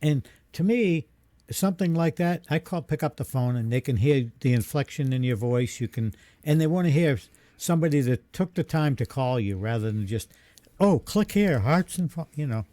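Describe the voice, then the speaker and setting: A man's voice: a little high, lively intonation, normal speed, dark tone, no echo. Plain-spoken man co-hosting a podcast. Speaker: podcast co-host. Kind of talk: casual chat.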